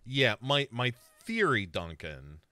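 A man co-hosts a podcast, recapping a horror series in casual chat and acting out the characters' lines as an animated storyteller. His mid-range voice moves slowly, with background noise behind it.

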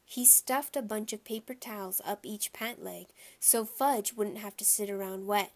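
A woman reading a children's chapter book aloud, telling the story in a clear, lively way. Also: mid-range voice, normal speed. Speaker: audiobook reader.

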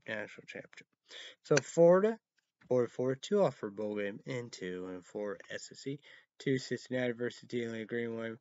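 A man's voice: medium pitch, darkish tone, dull audio. Rambling man recapping college football scores. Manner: rambling, halting, repeats words and fillers. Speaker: show host. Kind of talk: casual sports recap vlog.

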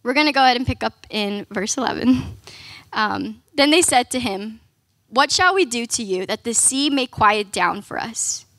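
A young woman preaches to a youth group in a loose, conversational style. Her voice sits high, and she keeps tossing in "like" and "right?". The sound is dry and close, with no room echo. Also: expressive, normal speed, sharp tone. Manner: casual, conversational, many "like"s and "right?". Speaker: youth ministry speaker. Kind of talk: youth sermon.

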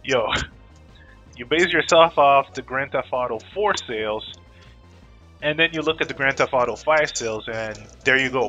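A gaming vlogger talks straight to camera in a laid-back, joking rant, swearing freely. His voice is bright and slightly husky, and soft music plays faintly underneath. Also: mid-range voice.

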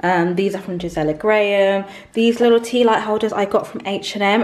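A woman's voice: medium pitch, darkish tone. A young woman vlogging, chatting casually through a show-and-tell of her products with lots of ums and likes. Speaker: beauty vlogger.

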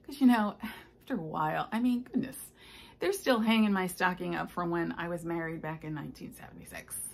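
An older woman talks through her stitching plans in a loose, rambling home chat. Her voice carries a gravelly fry, and she fills pauses with ums and asides. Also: on the low side. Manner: chatty, rambling, with many fillers. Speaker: stitching vlogger. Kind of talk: casual chat. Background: household noises, clock and ice maker.

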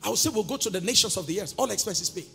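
High, gravelly Nigerian preacher in a hall. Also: male voice, animated, rapid-fire, a little hiss or hum. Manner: call-and-response preaching, sings and shouts phrases. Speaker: pastor. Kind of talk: sermon. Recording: reverberant church hall with music.

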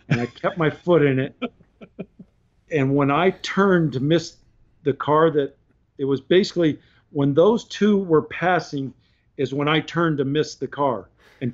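A man telling long stories on a podcast in a casual, animated way, often laughing as he talks. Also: fairly high pitch. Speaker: podcast guest. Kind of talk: casual storytelling. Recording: dull lo-fi podcast audio.

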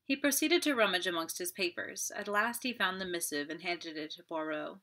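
Bright-voiced woman reading an audiobook. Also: lowish voice, moderate pace, hardly any pauses. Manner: clear, steady storytelling, friendly asides. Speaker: audiobook reader. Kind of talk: audiobook narration.

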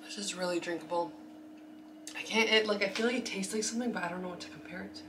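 A young woman vlogging in a casual chat, chatty and full of fillers, her voice going a bit hoarse. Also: on the low side, quick pace. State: losing her voice. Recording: noisy, mic held at a distance.

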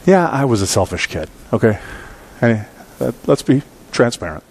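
A man's voice: medium pitch, big pitch swings, normal speed, a little mellow. A man in his forties preaching a sermon in a church, telling a story in a conversational, self-deprecating, humorous way and often checking in with the congregation. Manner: conversational storytelling, keeps asking the congregation "right?". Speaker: pastor. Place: church sanctuary.

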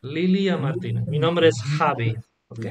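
A man's voice: a little high, lively intonation, normal speed. A man teaching Latin to a small group, patiently asking questions and checking that they follow. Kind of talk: online group lesson.

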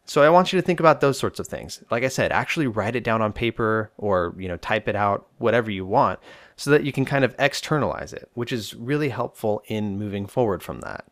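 A male psychologist hosting a self-help podcast, explaining coping steps to the listener in a relaxed, direct way. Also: lowish voice, fairly quick, dry recording, clean studio sound.

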